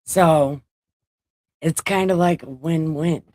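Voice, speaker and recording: A woman's voice: sits low, takes it slowly, warm tone, no room sound. A middle-aged woman hosting a casual livestream chat, mouthy and swearing freely. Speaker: livestream host.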